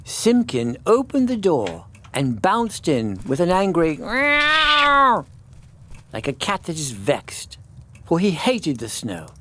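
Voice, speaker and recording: A man, a priest, reading a classic children's story aloud in an expressive, melodic way. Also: fairly high pitch. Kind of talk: storybook narration.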